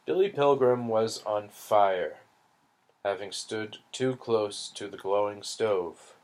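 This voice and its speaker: A man reading a novel aloud in a slow, deliberate manner. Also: on the low side, darkish tone. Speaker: audiobook reader.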